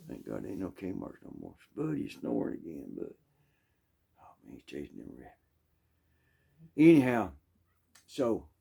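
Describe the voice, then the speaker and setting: A man with a Southern US accent telling a rambling, folksy story full of asides and throat-clearing. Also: sits low, mellow. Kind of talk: casual storytelling.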